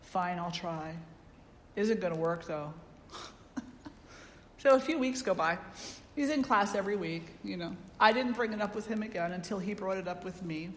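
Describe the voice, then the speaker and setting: A woman spiritual teacher giving a satsang talk, a lively storyteller who acts out the people she quotes. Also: medium pitch, normal speed, a little hiss or hum. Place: yoga ashram hall. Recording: roomy hall with long echo.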